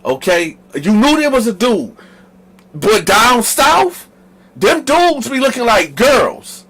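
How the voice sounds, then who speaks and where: A man from the northern United States, the host, telling a story in a casual, animated, slangy way straight to his viewers. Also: very high voice, takes it slowly, breathy edge, rough recording.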